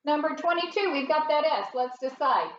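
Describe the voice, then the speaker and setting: A woman's voice: high-pitched, lively intonation, normal speed, dull audio, slight background noise. A woman teaching a first grade phonics lesson, explaining each step patiently, recorded from a distance in a roomy space.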